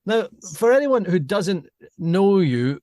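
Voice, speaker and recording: Fairly high-voiced male podcast host. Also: sing-song, slow pace, dark tone, no room sound, clean studio sound. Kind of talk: casual interview chat.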